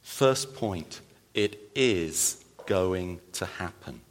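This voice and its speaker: A male pastor preaching a sermon with animated, emphatic delivery and playful asides. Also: low-pitched, drawn-out words. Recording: long reverb of a large hall.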